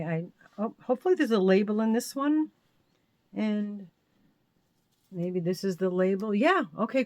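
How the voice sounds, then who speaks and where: A chatty woman hosts a casual crochet show-and-tell, her voice sitting a little low for a woman. She rambles and corrects herself, laughing a little along the way. The sound is dry and close, with no room echo. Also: a little mellow. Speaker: crochet channel host.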